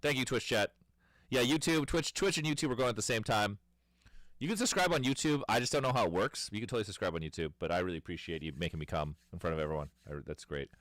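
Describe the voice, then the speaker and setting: Low-voiced man rambling on a livestream. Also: quick pace, a bit bright, no echo, studio quality. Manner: rambling storytelling with laughs. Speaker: streamer. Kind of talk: casual livestream chat.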